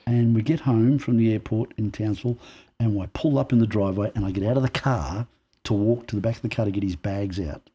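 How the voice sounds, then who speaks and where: Husky, warm-voiced man telling stories. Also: on the low side, a little fast. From Australia. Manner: animated storyteller who acts out quoted dialogue. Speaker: podcast guest. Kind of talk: personal storytelling in conversation.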